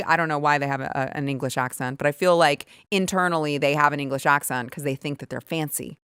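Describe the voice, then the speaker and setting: A woman's voice: low voice, fast talker, hardly any pauses, a bit bright, clear, resonant tone, dry recording, clean studio sound. A woman hosting political commentary, talking in a sarcastic, indignant way with frequent restarts. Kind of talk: opinionated commentary.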